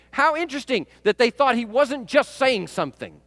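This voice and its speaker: A man's voice: sits high, sing-song, normal speed, few pauses, fairly bright tone, dry recording. A man preaching a sermon in a conversational way, often asking the congregation "right?" and laughing at his own stories. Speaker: pastor.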